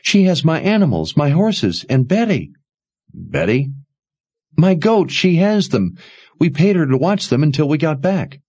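A man's voice: fairly high pitch, sing-song, unhurried, a little mellow, husky, pitched above the performer's own voice, exaggerated voice. A man voicing a desperate young woman traveler who pleads and cries out breathlessly. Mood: pleading.

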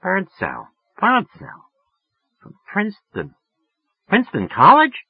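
A man's voice: sits high, wildly swooping pitch, takes it slowly, vocal fry, slightly rough, no room sound, pitched above the performer's own voice, exaggerated voice. A man reading an audiobook, voicing a sleepy, irritable woman woken by a late phone call who turns affectedly friendly. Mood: puzzled. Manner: snappish, turning affectedly friendly and prim. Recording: muffled lo-fi recording.

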